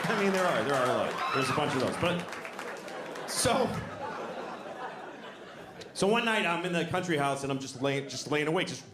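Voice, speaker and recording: A middle-aged man doing a live stand-up routine on stage, ranting profanely and exasperated, dropping into mumbled asides. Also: high voice. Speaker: stand-up comedian. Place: comedy stage before a live audience. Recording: reverberant live venue with audience noise.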